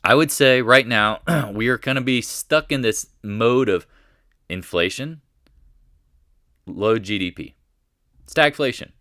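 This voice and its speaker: A middle-aged man hosting live market commentary, talking in an animated way, thinking out loud and firing rhetorical questions as he watches prices move. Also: medium pitch, slow pace, pauses often, dry recording, studio quality.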